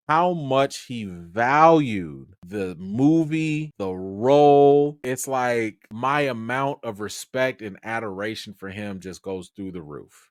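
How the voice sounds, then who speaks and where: A man gives chatty livestream commentary on film news, and his pitch ranges widely as he talks. He is casual and animated and drops in plenty of fillers. The mic is close and the sound is dry, with no room. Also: no echo. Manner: animated, conversational, lots of fillers. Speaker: YouTube movie commentator.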